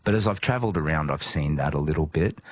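A man's voice: very deep voice, a little hiss or hum. An Australian man talking earnestly and casually as a guest, calling people mate and restarting his sentences often. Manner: earnest, matey, halting restarts. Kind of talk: casual conversation.

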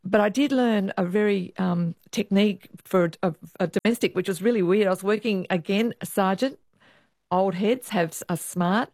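A woman, a former police officer, recounting her years on the job in a lively interview. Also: mid-range voice, moderate pace, no echo, studio quality. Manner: lively storyteller, acts out quoted voices. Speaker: retired police officer, guest. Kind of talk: storytelling interview.

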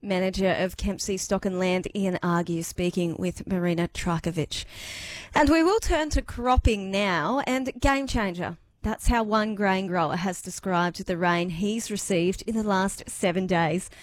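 A woman with an Australian accent presenting rural radio news in a clear, steady, scripted delivery on a studio microphone. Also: medium pitch, unhurried.

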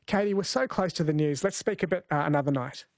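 A man's voice: a little high, fast talker, no echo. A man hosting a late-night radio quiz in a friendly, chatty way, laughing easily.

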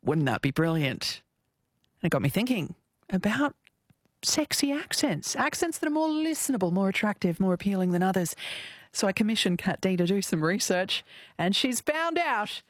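A woman hosts a radio show with a bouncy, lively voice that rises and falls freely. She is playful and laughs often. The sound is close and dry. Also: medium pitch, moderate pace, no room sound. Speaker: radio host. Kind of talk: casual radio chat.

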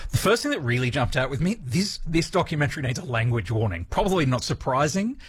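A man's voice: medium pitch, sing-song, fast talker. Brief: fifty-something Australian male critic, mid-range voice, rambling and self-deprecating on air. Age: 50s. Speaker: radio TV critic and producer. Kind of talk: casual radio chat.

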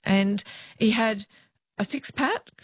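A woman, a former police officer, telling lively stories about her work in an interview. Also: medium pitch, slow, breathy edge, no echo. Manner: lively storyteller who acts out the voices of others.

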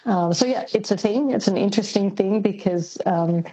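A woman, a linguist, answering questions on a radio interview in a thoughtful, hesitant way with frequent pauses. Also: mid-range voice, dark tone, husky, poor audio. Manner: thoughtful, hesitant with many ums. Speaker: linguist guest.

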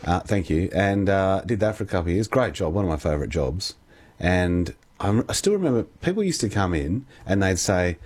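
A man's voice: low voice, lively intonation, fairly quick, darkish tone, breathy edge. A man with an Australian accent hosting a radio show, chatting casually and reading listener texts with a laid-back, chuckling manner. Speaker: radio host.

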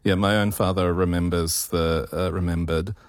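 A man speaking as a guest on a radio talk show, thoughtful and a little halting. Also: deep voice, little pitch movement, dry recording, clean studio sound.

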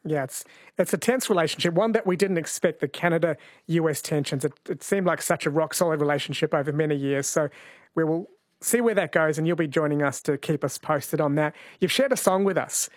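A man hosting a radio interview in a measured, conversational way. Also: a little high, no room sound, clean studio sound. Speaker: radio show host.

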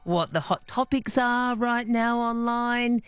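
An Australian woman hosting an evening radio interview, asking questions in a lively, expressive way. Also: on the high side, takes it slowly, clean tone. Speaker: radio host. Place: radio studio.

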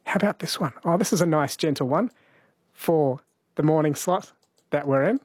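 Male radio host, slightly husky voice with a somewhat high pitch, playful and teasing. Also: moderate pace, darkish tone, no room sound, clean studio sound. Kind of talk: casual radio banter.

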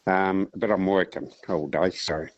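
An Australian man calling in to a radio show, telling a long joke in a relaxed, rambling way. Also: low-pitched, measured pace, no room sound, muffled recording. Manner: rambling, relaxed yarn-spinning. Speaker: caller, teacher. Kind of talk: casual phone-in storytelling.

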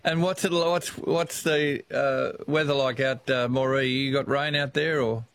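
A man with an Australian accent hosting a casual radio talkback chat, easygoing and quick to laugh. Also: medium pitch, fairly even intonation, fairly bright tone, dry recording. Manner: chatty, easygoing, laughs often.

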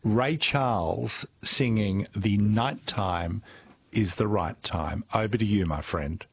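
A man's voice: on the low side, slow pace, vocal fry, husky. A man co-hosting a radio show, chatting casually and laughing easily with his guest. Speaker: radio co-host. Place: radio studio.

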